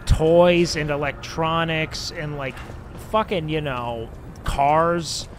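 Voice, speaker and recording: A young man talks loosely on a gaming stream, rambling between jokes and curse words and breaking into sudden excited yelps. His voice sits a little high for a man. A faint hiss of background noise runs under the recording. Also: slow pace. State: sleepy. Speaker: livestreamer. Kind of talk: casual gaming stream chat.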